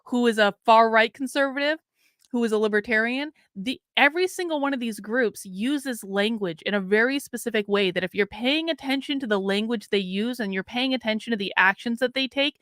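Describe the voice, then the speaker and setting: Bright, crisp-voiced woman livestreamer. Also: on the high side, no room sound, clean studio sound. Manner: frank and blunt, talks straight to chat, swears. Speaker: livestream host. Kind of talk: casual political commentary livestream.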